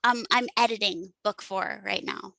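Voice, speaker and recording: A woman's voice: mid-range voice, fairly even intonation, normal speed, vocal fry, sharp tone, dry recording, low-quality recording. A woman from Western New York, a guest author chatting on a podcast in a scattered, self-deprecating way, full of ums and uhs. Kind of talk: casual podcast chat.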